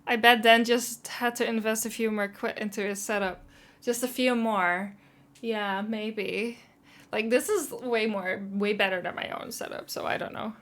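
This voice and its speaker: A woman's voice: a little high, a little slow, a bit bright. A woman streaming live, chatting casually and self-consciously while reading chat.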